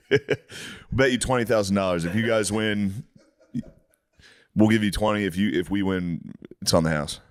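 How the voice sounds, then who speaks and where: A man co-hosting a podcast in casual chat, telling stories with lively energy and breaking into laughter. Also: fairly low pitch, normal speed, pauses often. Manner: animated storyteller who breaks into laughter. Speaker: podcast co-host.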